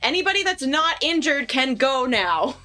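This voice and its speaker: A woman voicing a brisk, no-nonsense middle-aged school nurse with a curt, fussing manner. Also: high-pitched, big pitch swings, pushed and bright, soft background music, voice pushed up, exaggerated voice.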